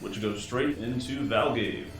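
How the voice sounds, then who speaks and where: A man running a tabletop game as game master in a casual, easygoing way, quick to correct his own slips. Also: medium pitch, heavy reverb, distant mic, over music.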